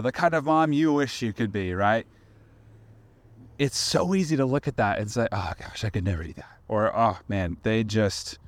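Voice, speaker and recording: A man's voice: mid-range voice, no echo. A man in his thirties hosting a casual faith podcast, talking in a conversational, self-deprecating way with many fillers and restarts. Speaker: podcast host.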